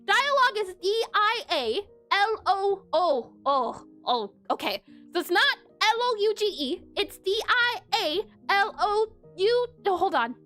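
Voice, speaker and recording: A woman game developer narrating a casual coding devlog, chatty and giggly, often correcting herself and spelling words out loud. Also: very high-pitched, animated, a little slow, soft background music.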